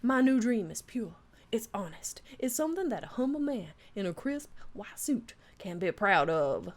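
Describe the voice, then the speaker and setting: A woman with a Southern accent voicing a proud older male Southern gentleman chef, talking in an earnest, grandiose way. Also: medium pitch, sing-song, moderate pace.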